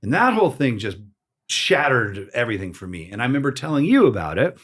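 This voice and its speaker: A man hosting a casual interview podcast, telling his own story in a lively, animated way and acting out the voices of people he quotes. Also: mid-range voice, fast, breathy edge. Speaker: podcast host.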